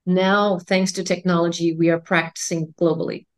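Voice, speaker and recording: A woman in her forties with a mixed Indian and American accent, answering interview questions in a calm, articulate way. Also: on the low side, moderate pace. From India and United States. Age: 40s. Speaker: guest, endocrinologist.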